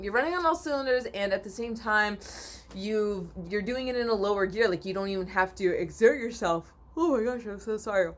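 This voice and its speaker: A woman giving a spiritual oracle card reading to viewers, sleepy and yawning, rambling with repeats and restarts and often clearing her throat. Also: mid-range voice, sharp tone.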